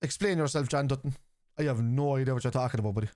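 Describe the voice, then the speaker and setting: A man with a Scouse accent speaks very fast in a medium-pitched voice while hosting a live football watchalong stream. He reacts to the match, argues bluntly with viewers in chat, swears freely and yells players' names. The recording is dry and studio quality.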